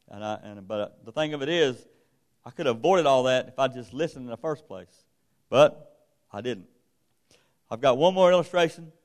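A middle-aged man, preaching in a folksy, conversational way and telling personal stories. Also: medium pitch. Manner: folksy, conversational, retells dialogue. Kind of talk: sermon storytelling.

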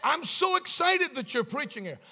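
A man's voice: extremely high pitch, very animated, moderate pace, bright, forceful tone, pitched above the performer's own voice, full character voice. A man voicing a big, jovial soldier who is a delighted fan, in a theatrical mock foreign accent. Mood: overjoyed.

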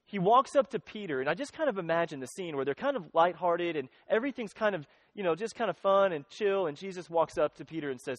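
A man's voice: high voice, lively intonation, fast, few pauses, dry recording. A man preaching a sermon in an earnest, conversational way, often restarting his sentences. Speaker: pastor.

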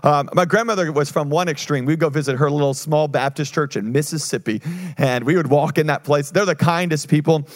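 A male pastor preaching a sermon, energetic, with call-and-response and quick restarts. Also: fairly high pitch.

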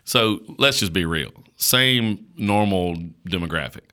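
A man from rural North Carolina, a pastor talking on a podcast in a slow country drawl and checking in with "right?". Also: sits low, animated, sharp tone. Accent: rural North Carolina Southern. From North Carolina, USA. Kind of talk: casual podcast chat.

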